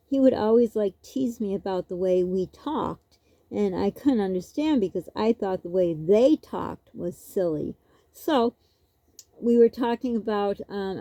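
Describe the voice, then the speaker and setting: A woman's voice: medium pitch, mellow, dry recording. A woman vlogger telling a rambling, casual story, laughing often as she goes.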